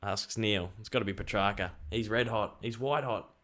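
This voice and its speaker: A young Australian man chatting excitedly on a live stream and reading out viewer messages. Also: on the low side, moderate pace. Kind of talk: casual live stream chat.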